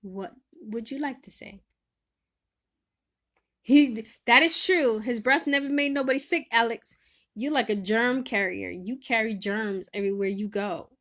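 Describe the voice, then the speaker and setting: A woman hosting a casual live stream, giving advice and teasing viewers in the chat, laughing often and swinging between loud and soft. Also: on the high side, measured pace.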